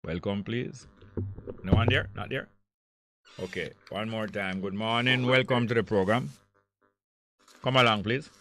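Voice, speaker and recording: An older man with a Jamaican accent hosting a call-in radio show, reading out listener messages and answering them in an animated, argumentative way. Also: on the low side, measured pace, long pauses. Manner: reads listener messages aloud, argues back heatedly. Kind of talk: casual call-in radio talk.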